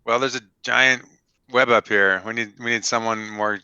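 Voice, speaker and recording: A man's voice: mid-range voice, fairly even intonation, normal speed, pushed and bright, smooth, no room sound, lo-fi sound. A man playing a tabletop game, talking casually and rambling with hedges. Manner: rambling, hedging with fillers. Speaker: player.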